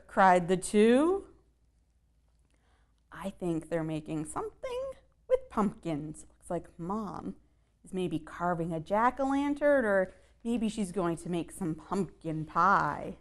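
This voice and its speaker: A woman reads a children's picture book aloud at a very unhurried pace, and her pitch rises and falls a lot. She reads the rhymes in a sing-song way and stops to ask her young listeners questions. Her voice sits in a middle register. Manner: sing-song rhyming delivery with playful asides.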